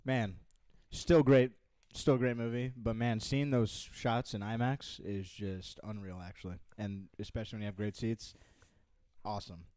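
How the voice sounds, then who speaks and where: A man's voice: lowish voice, fairly even intonation, darkish tone, dry recording. Earnest young man, dry close sound. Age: young adult. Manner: earnest, halting with fillers and restarts. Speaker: co-host. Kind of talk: casual chat.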